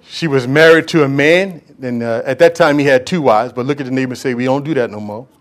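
A man preaching a sermon as pastor, impassioned and talking straight to the congregation, swinging from loud calls to hushed whispers. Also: medium pitch, quick pace. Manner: addresses congregation directly, acts out quoted voices.

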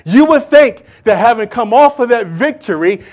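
A male preacher with a high voice tells a Bible story in a lively, conversational sermon. He swings between raised, urgent lines and hushed asides. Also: moderate pace. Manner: animated storytelling, acting out biblical figures.

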